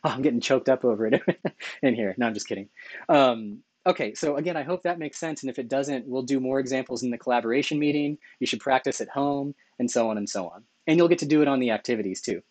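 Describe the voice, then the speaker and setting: A fast-talking math lecturer with a medium-pitched, darkish voice works through slides on a recording with no room sound. Enthusiastic, he frequently self-corrects and punctuates his explanations with "right?"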